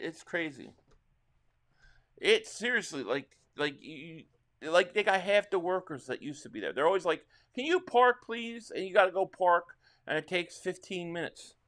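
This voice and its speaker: A middle-aged man with a New Jersey accent hosts a casual live-stream reaction to a football game. He chats loosely with viewers and calls the plays as they happen. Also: a little high. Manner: rambling chat with chat readers, bursts into excited play calls.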